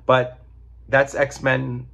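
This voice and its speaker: A man's voice: medium pitch, monotone, extremely slow, gravelly, a bit bright. A man reviewing comic books in a rambling, casual chat, swearing and digressing as he goes.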